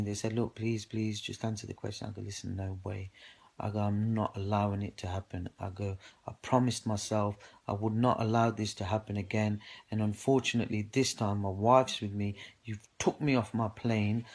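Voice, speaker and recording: A man's voice: on the low side, a little mellow. A man with a British English accent giving an aggrieved personal account to camera, indignantly recounting events and quoting himself with repeated "I go". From United Kingdom. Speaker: man speaking out on social media.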